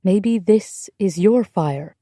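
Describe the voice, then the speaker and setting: Woman reading a kind, steady American woman. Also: medium pitch, takes it slowly, no room sound, clean studio sound, natural voice. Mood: reassuring. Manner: gentle, reassuring, firm.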